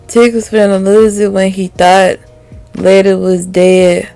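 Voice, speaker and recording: Gravelly, slow-talking woman reviewer. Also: medium pitch, level tone, warm tone, soft background music. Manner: candid, heated and profane, laughing often. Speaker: TV show reviewer. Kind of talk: casual video review.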